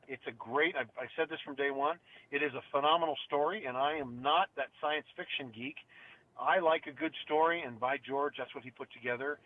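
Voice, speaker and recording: A middle-aged man and father co-hosts a casual podcast, chatty and teasing and quick to laugh. His voice sits a little high and comes through a tinny, phone-like line. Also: no room sound. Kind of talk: casual chat.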